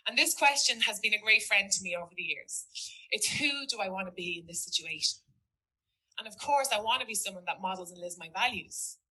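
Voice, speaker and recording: A teacher speaking to an audience, telling a story in an earnest, reflective way. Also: female voice, medium pitch, lively intonation, a little fast, sharp tone, breathy edge, poor audio. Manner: earnest, reflective, quotes a student in dialogue. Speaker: teacher giving a talk.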